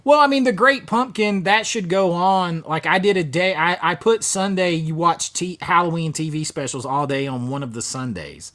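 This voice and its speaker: A man speaks at a normal speed with few pauses, his fairly high voice pushed and bright. He hosts a casual horror movie livestream, reading viewer comments and rambling through fillers and restarts.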